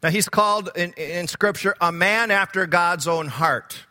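Earnest guy preaching a sermon, high bright voice, repeats stuff for emphasis. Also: a little slow, in a large hall. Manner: earnest, rising to fervent emphasis when quoting scripture.

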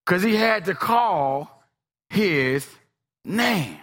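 A man preaching with a high, lively voice that leaps up and down in pitch. His tone is bright and forceful, and he moves between quiet asides and shouted calls to the congregation. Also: takes it slowly, long reverb tail. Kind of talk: sermon.

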